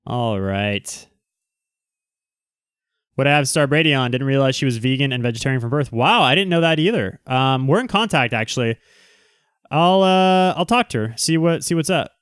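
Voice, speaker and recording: Smooth-voiced man chatting on a livestream. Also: medium pitch, expressive, a bit bright, dry recording, studio quality. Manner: rambling, quick asides to viewers. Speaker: livestream host. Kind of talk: casual livestream chat.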